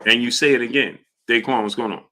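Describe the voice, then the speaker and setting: A man's voice: medium pitch, fast talker, sharp tone. A man hosting a live stream, arguing with chat, repeating himself and calling out viewers' names. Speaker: boxing live-stream host. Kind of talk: casual live-stream commentary.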